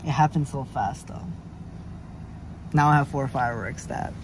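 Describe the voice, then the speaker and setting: A man's voice: medium pitch, normal speed, slight background noise. A young man vlogging on a road trip from his car, rambling and nervous, poking fun at himself. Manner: rambling, nervous, self-mocking. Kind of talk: casual road-trip vlog. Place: inside a car.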